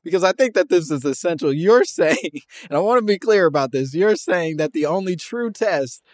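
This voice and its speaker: A man's voice: sits high, expressive, normal speed, a little mellow, no room sound, studio quality. Amused man hosting a casual interview. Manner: probing, amused questioning with frequent laughs.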